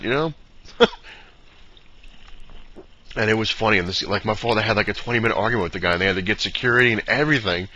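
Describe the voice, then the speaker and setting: A vlogger with a lowish, sharp voice rambles through a long personal story, talking fast with lively intonation, frequent pauses and plenty of fillers. He slips into brief impressions of the people involved, quoting his dad in an imitated voice. The lo-fi recording sounds dull with faint noise.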